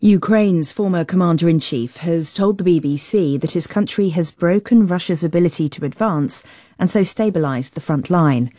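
A woman newsreader delivering a formal, measured news bulletin. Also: on the low side, dark tone, no echo, clean studio sound.

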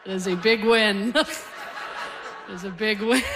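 A woman in her forties from Canada doing a conversational, self-deprecating stand-up set, often laughing at her own punchlines. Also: mid-range voice. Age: 40s. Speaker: stand-up comedian.

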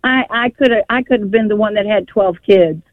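A woman's voice: medium pitch, brisk, dry recording. Older woman caller on a tinny phone line. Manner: rambling, emotional, with frequent restarts. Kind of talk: emotional call-in storytelling. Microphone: telephone.

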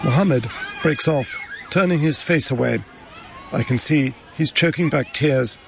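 A man delivering a measured, grave field report from a refugee camp outdoors. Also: on the high side, gravelly. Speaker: correspondent. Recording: crowd and street noise around.

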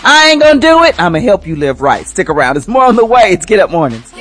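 Woman radio host preaching a morning word, swoops high and low, exhorting, down-home church talk. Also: very animated, quick pace, slightly rough, soft background music. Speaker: church first lady.

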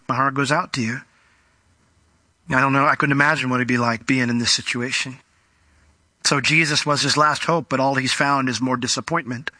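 Bright-voiced man preaching a sermon. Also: fairly high pitch, no room sound. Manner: conversational preaching that rises to fervent emphasis. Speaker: pastor.

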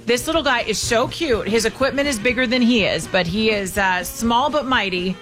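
A woman hosts talk radio with a bright, sunny timbre and a somewhat high voice. She is brisk and chatty, moving quickly between callers and light news items. Soft music plays under her. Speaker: radio talk show host.

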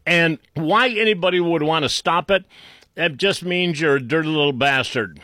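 A man with a Boston accent delivers an unscripted political rant, sarcastic and insulting, often restarting and clearing his throat. His voice sits a bit higher than most men's. The recording is dry and close, with no room echo. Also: moderate pace, pushed and bright. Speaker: political commentator.

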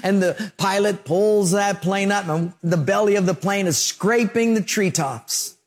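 Storytelling male pastor, slightly high voice. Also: unhurried. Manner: storytelling preacher, acts out scenes and sound effects. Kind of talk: sermon.

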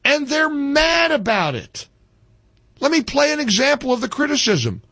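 A man hosting a political commentary show, delivering an opinionated monologue in a sarcastic, indignant manner with animated emphasis. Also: extremely high pitch, normal speed, dry recording.

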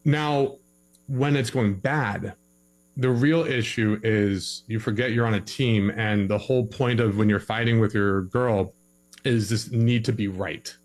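A man's voice: fairly low pitch, steady tone, a little slow, low-quality recording. A young man giving relationship advice in a casual podcast conversation, acting out both sides of a couple's arguments in his stories.

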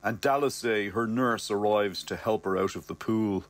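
A man's voice: fairly low pitch, normal speed, dry recording. A man narrating a first-person story in a wry, cocky, conversational way.

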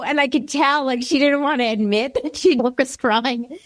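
A woman interviewing her guest, telling a short family anecdote in a lively way. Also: high voice, a little slow, no echo. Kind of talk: casual interview chat.

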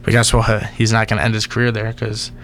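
Young guy co-hosting sports radio, low flat gravelly voice, faint hum. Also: brisk. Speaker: radio show co-host. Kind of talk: casual sports radio chat.

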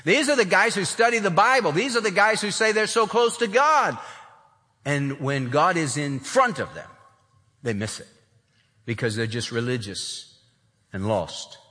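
Male pastor, expository sermon, higher bright voice, animated delivery with acted-out quotes, long hall reverb. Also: unhurried.

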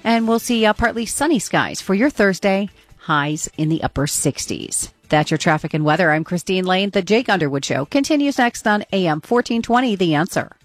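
A woman giving a radio traffic and weather report in a brisk, even newsreader delivery. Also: medium pitch, no echo. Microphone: studio microphone.

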